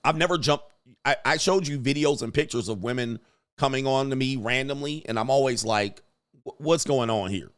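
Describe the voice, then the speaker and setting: A man hosts a live stream in a casual, joking way. He reads out viewer messages and riffs on them, laughing as he goes. His voice sits at an ordinary middle pitch. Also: a little fast, a bit bright, clear, resonant tone. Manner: loose and joking, reads donor messages aloud, laughs often.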